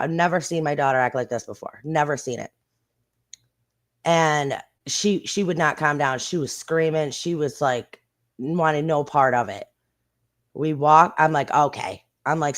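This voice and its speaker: A woman hosting her own stream, chatting casually in a blunt, rambling way with plenty of swearing and quick bursts of speech. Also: low-pitched. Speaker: streamer and channel host. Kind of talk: casual live-stream chat.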